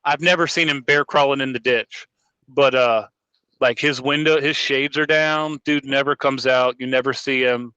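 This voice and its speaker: A man's voice: medium pitch, fairly even intonation, moderate pace, sharp tone, clean tone, no room sound, lo-fi sound. A man co-hosting a podcast, chatting casually in a rambling way and often correcting himself. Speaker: podcast co-host. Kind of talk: casual chat.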